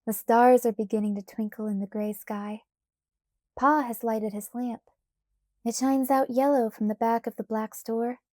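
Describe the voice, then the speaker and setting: A woman narrating a children's storybook aloud, in a measured, gentle way. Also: a little high, fairly even intonation, dry recording, studio quality. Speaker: audiobook narrator.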